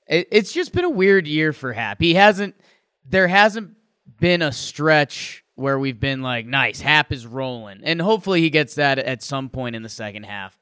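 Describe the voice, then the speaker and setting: A man's voice: medium pitch, sharp tone, clean tone, no echo, studio quality. A young man co-hosting a podcast, chatting casually about a baseball game with playful emphasis. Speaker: podcast co-host. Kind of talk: casual sports chat.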